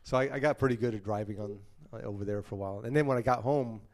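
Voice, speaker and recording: A man's voice: fairly low pitch, very fast. A man, a former touring band member, telling casual stories and acting out the people he quotes. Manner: animated anecdotes, acting out quoted voices. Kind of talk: casual storytelling.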